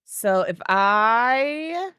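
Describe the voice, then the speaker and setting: A woman's voice: fairly high pitch, expressive, very slow, sharp tone, clear, resonant tone, dry recording. A woman giving casual gameplay commentary, thinking aloud as she builds and cooing baby talk at an animal. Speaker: gaming video creator.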